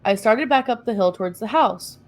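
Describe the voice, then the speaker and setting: A woman's voice: a little high, expressive, brisk. A woman co-hosting a podcast, reading a first-person story aloud with laughing asides and self-corrections.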